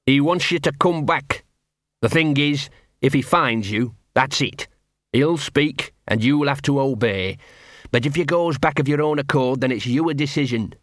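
A man's voice: medium pitch, unhurried, fairly bright tone, no echo, studio quality, close to an everyday voice. A man voicing a scruffy, nervous small male dog who rambles in ungrammatical street talk, repeating himself.

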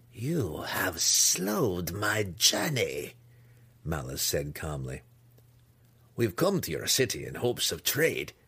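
A man narrating a fantasy audiobook in an expressive storytelling manner, voicing the characters. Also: deep voice, husky, dry recording.

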